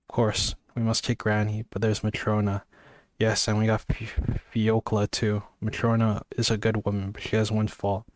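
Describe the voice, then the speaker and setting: A man's voice: lowish voice, monotone, moderate pace, no echo. A man casually reading a novel aloud, sleepy and yawning, stumbling over words and apologizing. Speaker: amateur reader.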